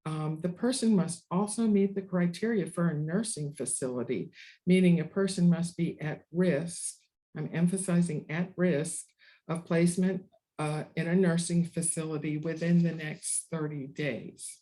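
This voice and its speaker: A presenter talks through program rules in a measured, explanatory webinar style, reading some parts and ad-libbing small asides. The voice is mellow and warm, sitting at an ordinary middle pitch. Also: low-quality recording. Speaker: disability advocacy presenter.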